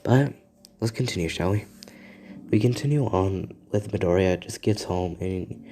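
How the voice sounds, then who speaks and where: A young man improvising a fan-fiction story in a rambling, halting way, with asides to his listeners. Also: sits low, dark tone. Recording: beat music playing behind. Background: music beats.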